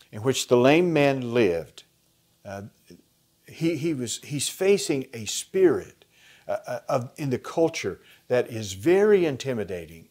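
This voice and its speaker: A man's voice: medium pitch, a little mellow. Man teaching a Bible lesson. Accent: American. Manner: conversational, with fillers and restarts, explaining a text.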